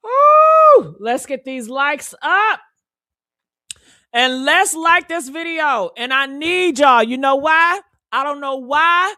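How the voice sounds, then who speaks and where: A woman with a high, sharp, piercing voice delivers heated reaction commentary to her viewers. She is brash and profane and keeps calling them honey between loud whoops. The sound is dry, with no room around it. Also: dry recording. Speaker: commentary channel host.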